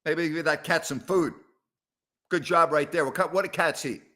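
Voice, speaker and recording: Exasperated middle-aged sports talk host. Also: male voice, fairly high pitch, moderate pace, sharp tone. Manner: exasperated, rambling, sarcastic. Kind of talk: live call-in show chat. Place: house, indoors.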